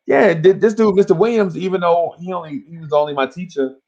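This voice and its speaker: A man, co-hosting a podcast and telling an animated story in casual chat. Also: high-pitched, fairly quick, muffled recording. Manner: animated storyteller, acts out voices, laughs along. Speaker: podcast co-host.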